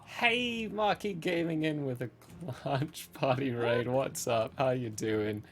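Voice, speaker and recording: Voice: mid-range voice, slow pace. A player in a tabletop game who jokes around and greets viewers in the chat.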